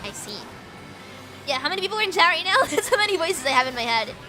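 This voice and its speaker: A woman's voice: very high voice, sing-song, fast, bright, forceful tone. A British woman streaming a racing game, chatting casually with her viewers in a bubbly, giggly, rambling way with lots of fillers. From Britain. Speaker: VTuber streamer. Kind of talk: casual livestream chat while gaming. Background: game music.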